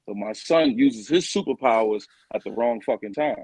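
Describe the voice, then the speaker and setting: A man's voice: medium pitch, expressive, normal speed, darkish tone, husky, no echo, low-quality recording. Laid-back young man telling comedy stories. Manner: laid-back, storytelling with quoted dialogue. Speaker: guest comedian. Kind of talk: casual podcast chat.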